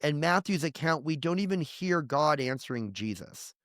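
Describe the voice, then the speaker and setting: A man's voice: a little high, lively intonation, normal speed, a bit bright, dry recording, clean studio sound. A man telling a personal faith testimony in an interview, speaking earnestly and from the heart, with the odd short laugh. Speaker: guest sharing his faith story.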